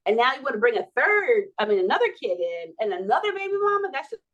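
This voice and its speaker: A fairly high-pitched woman in her forties talks fast on a podcast, sharing a personal story full of laughter and acted-out dialogue. The recording's highs are cut off.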